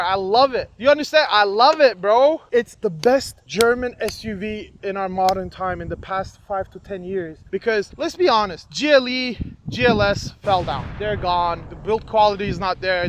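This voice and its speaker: A man's voice: high-pitched, a bit bright, slight background noise. A man in his twenties reviewing a car in a casual, joking way, full of slang like "bro".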